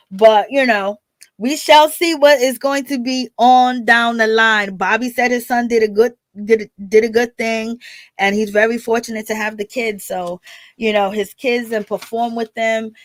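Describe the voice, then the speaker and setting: A woman's voice: on the high side, dry recording. Woman hosting a call-in show, chatty and loose, dry close sound. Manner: chatty, with many fillers, speaks straight to viewers. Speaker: host of a call-in commentary channel. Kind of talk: casual chat recapping a reality show.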